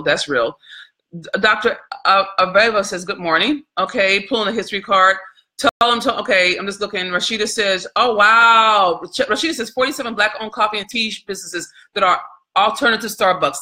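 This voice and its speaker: Woman on a livestream going off, forceful bright voice, preachy, talks to viewers like y'all, reads comments out loud. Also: medium pitch. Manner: colloquial, addresses viewers as y'all. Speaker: host of a live video. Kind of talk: impassioned live-stream commentary.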